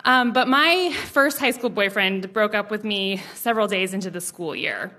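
Bright-voiced woman telling a story live. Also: medium pitch, normal speed. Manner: animated, laughing, mimics voices.

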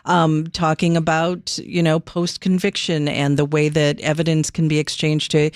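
Radio host taking calls, gentle reassuring tone, dry close sound. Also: mid-range voice, little pitch movement, normal speed, no room sound. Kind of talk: call-in radio hosting.

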